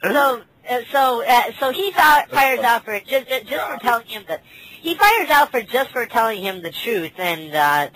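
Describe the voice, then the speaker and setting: A woman's voice: a little high, animated, a little slow, a bit bright, slight background noise, rough recording. A woman hosting a casual podcast chat, ranting with lots of swearing and stammered restarts. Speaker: podcast host.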